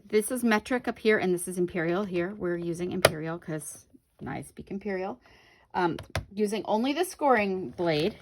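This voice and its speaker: A woman's voice: mid-range voice, a little hiss or hum. A woman demonstrating a paper craft on camera, chatting with viewers and correcting herself as she works. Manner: chatty, talks to viewers while working, self-correcting. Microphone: camera on the craft table.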